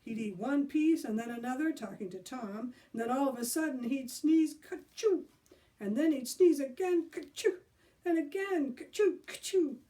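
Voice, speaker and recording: A woman voicing an excitable scheming young boy who acts out sneezes as he plots. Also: sits high, normal speed, recorded from a distance, pitched above the performer's own voice.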